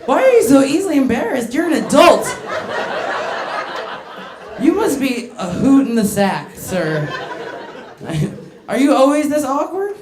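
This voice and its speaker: A woman's voice: high voice, very animated, unhurried, long pauses, reverberant. A woman doing a stand-up comedy set in a club, brash and crude, working the crowd and laughing between her lines.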